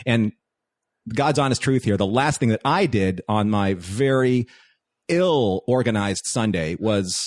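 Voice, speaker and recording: A man, a guest on a podcast, telling stories in casual chat with animated delivery. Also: fairly low pitch, measured pace, no room sound, studio quality. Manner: animated storytelling.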